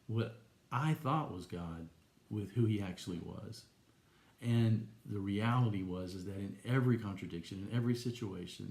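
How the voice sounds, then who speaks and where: Low gravelly guy telling his faith story, earnest and gentle, echoey room. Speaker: Christian teacher. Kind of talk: personal testimony talk.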